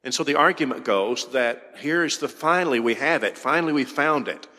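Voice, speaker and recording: A man's voice: medium pitch, animated, fairly quick, sharp tone. A man preaching a sermon from a church pulpit, pressing his points with repeated rhetorical questions. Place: church sanctuary. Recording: long hall reverb.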